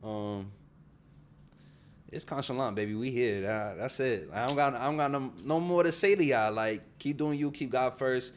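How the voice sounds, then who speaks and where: A man's voice: mid-range voice, moderate pace, a little hiss or hum. A man co-hosting a casual chat podcast, teasing and joking with playful boasts. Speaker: podcast co-host.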